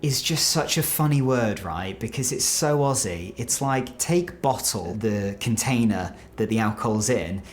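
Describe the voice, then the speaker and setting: A British man talking casually to camera, explaining words in a chatty, animated way with quick asides. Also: on the low side, soft background music. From United Kingdom. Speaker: video creator explaining slang.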